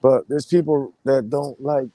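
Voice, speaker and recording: A man live streaming in relaxed, slangy casual chat, greeting his viewers as he talks. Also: medium pitch, measured pace, dry recording.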